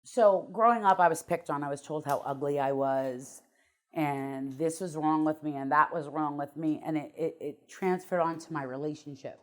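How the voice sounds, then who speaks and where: A woman's voice: low-pitched, moderate pace. A middle-aged woman, a guest on an interview show, telling her life story bluntly and emotionally, with some swearing.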